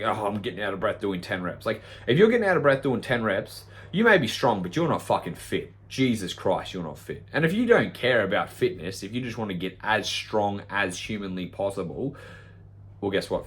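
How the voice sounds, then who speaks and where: Blunt, swearing man. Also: fairly low pitch. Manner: blunt, profane, ranting. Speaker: fitness coach. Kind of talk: casual podcast monologue.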